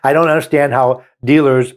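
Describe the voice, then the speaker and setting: A man's voice: medium pitch, fairly even intonation, moderate pace. A man with a Southern US accent hosting a car show, reading short passages aloud and then riffing on them in a folksy, opinionated way. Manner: folksy, reads a passage then riffs with asides. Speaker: car dealer show host. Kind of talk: opinionated talk-show commentary.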